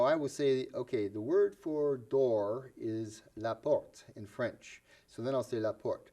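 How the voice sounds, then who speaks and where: A man's voice: fairly high pitch, mellow. A man hosting a casual educational talk show, chatty, asking his co-host questions and laughing often.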